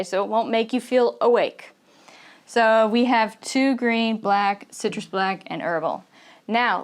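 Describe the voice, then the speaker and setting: A young woman teaching spoken English, talking clearly and checking in often with her learners. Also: fairly high pitch. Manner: slow, clear teaching delivery with frequent laughs and "okay?" checks. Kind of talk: online lesson.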